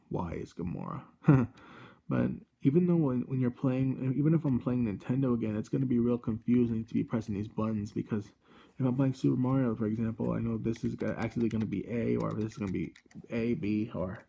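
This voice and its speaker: A young man in his twenties hosts a casual gadget review vlog from his room. His voice is gravelly, husky and dark. He rambles in a halting way and keeps correcting himself mid-sentence. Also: mid-range voice, steady tone. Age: 20s. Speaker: channel host. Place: room at home.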